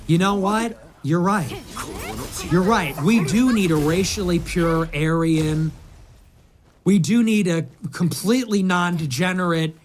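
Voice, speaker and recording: A man's voice: sits high, unhurried. A man speaking in a sarcastic, mock-earnest way in a clip played on a stream.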